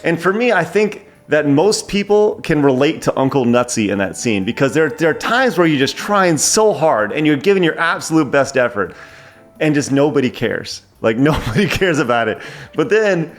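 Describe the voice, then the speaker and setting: A man chatting excitedly as a guest film reviewer, rambling with frequent restarts. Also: fairly high pitch, moderate pace. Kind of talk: casual film review chat.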